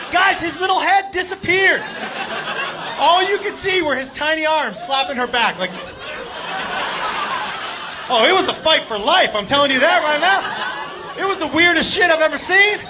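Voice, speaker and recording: Guy doing standup, really high voice, loud crowd laughing in a live club. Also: moderate pace, pauses often, noisy background. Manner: animated, shouting punchlines, crude. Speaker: stand-up comedian. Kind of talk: stand-up storytelling. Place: comedy club stage with laughing audience.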